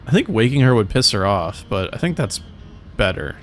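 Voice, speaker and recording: A man's voice: fairly low pitch, sing-song, normal speed, slight background noise. A man giving casual, profane gameplay commentary while reading the game's dialogue aloud. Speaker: let's play host.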